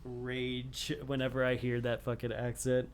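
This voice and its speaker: A man's voice: medium pitch, monotone, unhurried, slight background noise. A man from Texas with a slight Southern accent, hosting a podcast in casual chat, rambling with lots of fillers and swearing. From Texas, USA. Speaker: podcast host.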